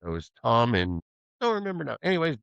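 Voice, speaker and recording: A man's voice: mid-range voice, a little fast, vocal fry, clean tone, dry recording, lo-fi sound. A man telling a rowdy story in a casual chat, swearing freely, laughing often and acting out the other people's lines. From Pacific Northwest of the US. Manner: profane, animated, laughs often, acts out quoted voices. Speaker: podcast host telling a story.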